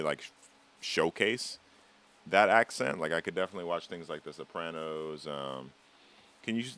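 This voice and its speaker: A man's voice: sits low, fairly bright tone. A man streaming a game live, chatting casually with his viewers in a rambling, teasing way and swearing freely. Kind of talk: casual live-stream chat while gaming.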